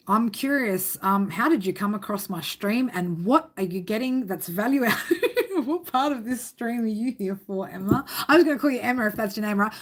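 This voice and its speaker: A woman's voice: fairly high pitch, a bit bright. Woman doing tarot on a live stream, chatty and rambly, lots of swearing and laughing. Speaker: tarot reader. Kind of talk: casual live-stream chat.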